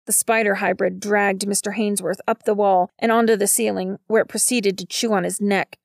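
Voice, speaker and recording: A woman reads a novel aloud at a steady, measured pace. Her voice has a gravelly, creaky grain. The recording is close and dry, with no room sound. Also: medium pitch, no room sound. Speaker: narrator. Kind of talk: audiobook narration.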